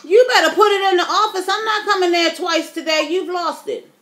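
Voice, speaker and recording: A woman's voice: extremely high pitch, brisk, fairly bright tone. A woman in her fifties vlogging, telling stories in a chatty, dramatic way and calling her viewers y'all. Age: 50s. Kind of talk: casual storytelling to camera.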